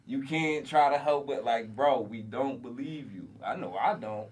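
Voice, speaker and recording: A man's voice: mid-range voice, moderate pace, a little mellow, husky, far from the mic. A man talks in a blunt, fired-up way, full of slang and swearing. His voice sits a little back from the mic, as in a casual podcast. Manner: heated, blunt, slangy and profane. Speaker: podcast host. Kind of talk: casual interview chat.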